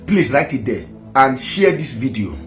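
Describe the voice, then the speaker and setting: A man's voice: medium pitch, big pitch swings, moderate pace, fairly bright tone, soft background music. A Nigerian man making an impassioned online appeal to viewers, pleading and repeating himself with emphasis. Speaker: activist addressing viewers.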